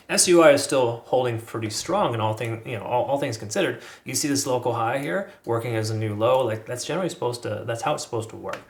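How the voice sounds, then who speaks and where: A man's voice: medium pitch, echoey room. A man giving casual, rambling commentary as he walks through crypto price charts, with frequent restarts and asides. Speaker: crypto market analyst.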